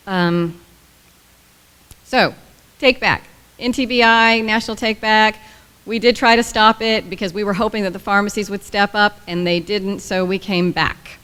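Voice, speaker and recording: A woman gives a workshop talk in a blunt, lively way, throwing joking asides to her audience. Her voice sits at a middle pitch. The recording carries a long reverb from the hall. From United States. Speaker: government agency presenter. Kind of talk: workshop presentation. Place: conference room.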